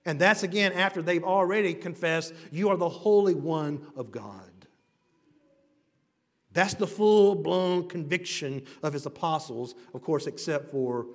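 A male pastor preaching a sermon with emphatic, rising and falling delivery, swinging between loud declarations and hushed lines. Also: on the high side. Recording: long reverb of a large hall.

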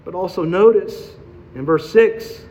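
A man's voice: sits high, unhurried, darkish tone. A male preacher giving an expository sermon, posing rhetorical questions and driving points home by repetition. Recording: dull sound with long hall reverb.

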